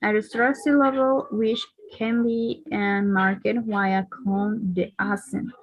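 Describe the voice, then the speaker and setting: Slow, hesitant woman student presenter. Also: medium pitch, level tone, no echo, low-quality recording. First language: Spanish. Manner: hesitant reading with fillers. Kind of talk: reading a class presentation.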